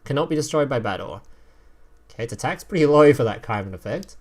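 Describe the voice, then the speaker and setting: A man's voice: mid-range voice, animated, fast, darkish tone. A man streaming casual commentary as he reviews game cards, reading card text aloud, swearing and laughing as he goes.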